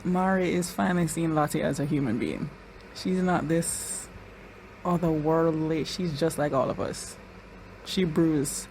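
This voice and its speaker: A woman's voice: lowish voice, creaky, a little mellow, a little hiss or hum, poor audio. A woman giving casual reaction commentary on a TV episode, chatty and talking straight to the characters, with frequent restarts and repeated words. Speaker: show reaction YouTuber.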